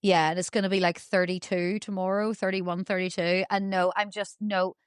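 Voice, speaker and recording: A woman's voice: medium pitch, level tone, moderate pace, clean tone, dry recording. A woman guest on a podcast, chatting in a bubbly, rambling, self-deprecating way. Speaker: guest, dressage rider. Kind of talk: casual chat.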